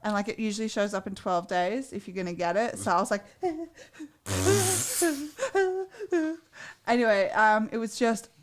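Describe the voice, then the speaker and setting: Profane, animated woman co-host in casual chat, pitched somewhat high. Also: a little slow. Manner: blunt, profane, animated storyteller. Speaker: co-host of a dating advice show.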